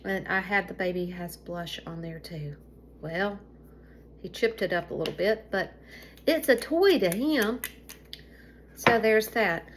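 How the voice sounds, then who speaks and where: A middle-aged Southern-accented vlogger from Alabama chats loosely with viewers at home, rambling and drifting off topic. Her medium-pitched voice is unhurried, with long pauses and a faint hiss or hum.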